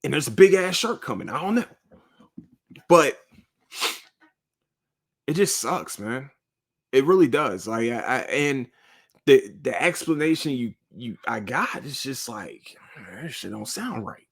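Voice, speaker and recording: A man's voice: medium pitch, expressive, a little slow, pauses often. A man hosting a solo podcast, talking in a rambling, profane, emotional way straight to his listeners from a cold room. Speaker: podcast host. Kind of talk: casual solo monologue.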